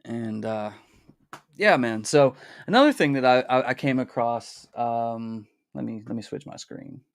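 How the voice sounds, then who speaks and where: A man hosting a casual livestream, talking in a relaxed, rambling way with fillers and restarts. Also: medium pitch, measured pace, dry recording. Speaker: livestream host.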